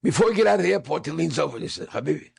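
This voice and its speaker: Gravelly high-voiced storytelling man. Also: racing. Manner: animated, acts out quoted speakers. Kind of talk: storytelling talk.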